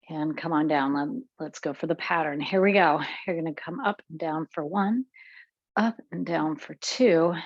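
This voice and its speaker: A woman's voice: fairly low pitch, no room sound, lo-fi sound. Woman cueing an exercise class. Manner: cueing moves while exercising, counting reps. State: slightly out of breath. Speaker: fitness instructor.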